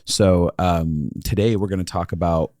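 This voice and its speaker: A man's voice: deep voice, fairly even intonation, normal speed, a little mellow, dry recording, clean studio sound. A man co-hosting a relationship podcast, chatting casually, laughing often and rambling with restarts. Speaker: podcast co-host. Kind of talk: casual chat.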